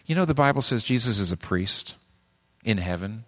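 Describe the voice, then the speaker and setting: A man's voice: lowish voice, lively intonation, moderate pace, a bit bright, big-room sound. A man preaching a sermon in a conversational way, asking rhetorical questions and often restarting his sentences. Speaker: pastor.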